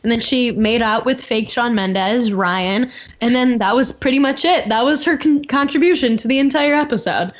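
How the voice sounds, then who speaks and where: Chatty young woman, slightly high voice. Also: moderate pace, hardly any pauses. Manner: chatty, peppered with "like". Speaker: podcast co-host. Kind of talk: casual chat recapping a reality show. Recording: dull lo-fi audio.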